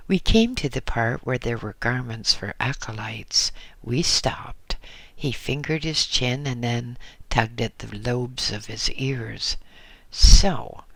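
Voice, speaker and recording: Slow, gravelly man reading a memoir aloud. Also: medium pitch, sharp tone, dry recording. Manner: measured, unhurried reading. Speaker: audiobook reader. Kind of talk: first-person audiobook narration.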